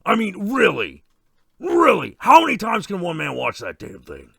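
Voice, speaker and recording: A man playing a crude, excitable masked slasher killer who rambles and swears in irritable rants during a comedy Q&A. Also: high voice, normal speed, gravelly, heavily acted. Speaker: stream host in character. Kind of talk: in-character comedy Q&A.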